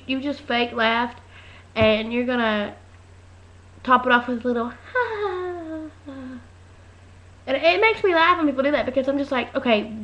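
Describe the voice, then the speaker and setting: Woman vlogger, high voice, loud and chatty, tells stories and mimics people; dull webcam audio. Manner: chatty storytelling, acts out voices, talks loud. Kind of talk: casual webcam rant. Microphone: webcam mic.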